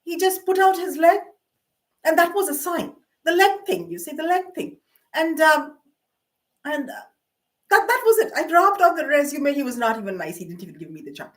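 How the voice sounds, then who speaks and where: High-voiced middle-aged woman, rambling anecdotes. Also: animated, normal speed, a bit bright. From Canada. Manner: meandering, self-mocking, with frequent fillers and laughs. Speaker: vlogger. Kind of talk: rambling personal monologue.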